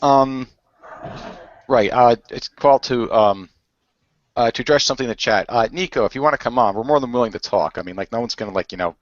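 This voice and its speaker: A man's voice: mid-range voice, brisk, no echo. A man hosting a casual voice chat discussion, earnest and hesitant with many fillers. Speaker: discussion host. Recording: dry, dull lo-fi voice chat.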